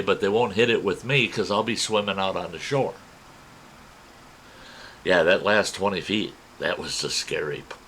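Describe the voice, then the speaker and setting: Male storyteller, lowish voice, folksy and animated, faint ambient hiss. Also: gravelly, poor audio. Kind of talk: spoken personal story.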